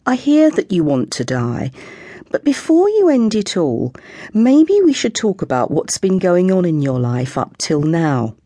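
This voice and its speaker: An unflappable, chatty middle-aged mum, as a woman narrator puts her on talks in a brisk, soothing counsellor tone. Her voice is pitched higher than the narration and swings widely. The sound is dry and close. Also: very animated, dark tone, dry recording. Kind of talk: audiobook character voice.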